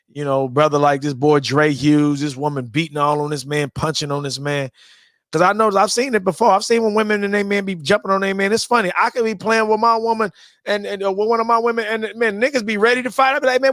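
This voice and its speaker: A tired man from the US West Coast hosting a late-night live stream, talking loudly in profane, rambling banter. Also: high-pitched, no echo, studio quality.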